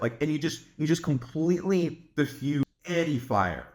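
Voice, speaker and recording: A man's voice: on the high side, big pitch swings, normal speed, few pauses, a little mellow, reverberant. A young man giving dating advice in a brash, boastful monologue, swearing often and filling his talk with "like". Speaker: dating coach. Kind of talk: casual monologue to camera.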